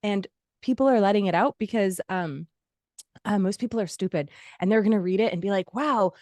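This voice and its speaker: A woman talks in casual podcast chat, blunt and foul-mouthed. She acts out angry exchanges in quick bursts. Her voice sits close and dry on the mic. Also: mid-range voice, warm tone, no room sound. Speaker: podcast guest.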